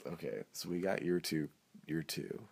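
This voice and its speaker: A man's voice: a bass voice, normal speed, vocal fry, darkish tone, husky. A young man hosting a casual podcast chat, playful and laughing often. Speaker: podcast host.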